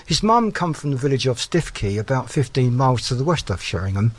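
A man presents a music show with an easygoing, conversational delivery. He talks in a relaxed, self-deprecating way and often pauses on small fillers. His voice sits at an ordinary middle pitch. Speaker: radio-style music show host.

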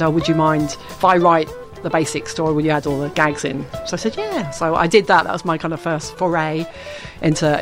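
A woman from the UK, an author being interviewed, talking in a chatty, rambling way with frequent laughs. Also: lowish voice. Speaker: author guest. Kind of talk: casual interview chat.

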